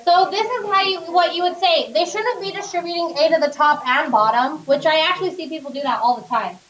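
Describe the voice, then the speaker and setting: A woman's voice: very high voice, brisk, a bit bright, echoey room. A woman teaching a math class, questioning her students and coaxing them along step by step. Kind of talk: classroom lecture. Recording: distant classroom recording.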